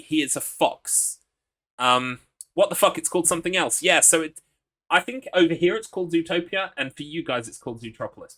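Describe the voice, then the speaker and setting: A man's voice: fairly high pitch, bright, forceful tone. A man streaming a horror game live, chatting casually in a rambling, crude, joking way with plenty of fillers.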